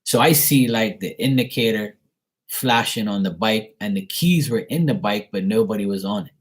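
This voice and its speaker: Rambling, slangy man with a low voice. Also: moderate pace, breathy edge, rough recording. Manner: rambling, slangy, heavy use of "like". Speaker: live tarot reader. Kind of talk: casual storytelling.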